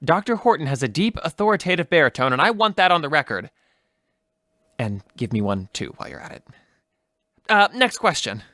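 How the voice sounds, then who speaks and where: An officious man running a mock press conference, fussily correcting everyone. His voice is bright and forceful and sits a little high. It is recorded dry and close. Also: big pitch swings, brisk, pauses often, dry recording. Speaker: press spokesman in sketch. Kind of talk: comedy sketch acting.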